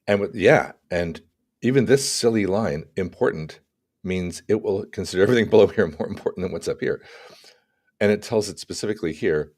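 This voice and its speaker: A man co-hosting a casual tech podcast, talking through examples in an animated way with acted-out asides. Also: deep voice, fairly quick. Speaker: podcast co-host.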